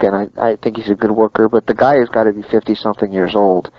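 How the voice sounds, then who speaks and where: A man's voice: fairly low pitch, flat delivery, fast talker. A man chatting casually about wrestling, emphatic and opinionated. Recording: dull lo-fi sound, dry.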